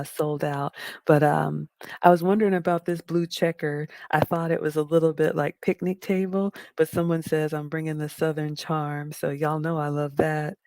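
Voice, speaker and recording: A middle-aged woman with a deep, raspy voice, chatting casually on a livestream and reading viewer comments aloud. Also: a little mellow, no echo, clean studio sound. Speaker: livestream host reading chat.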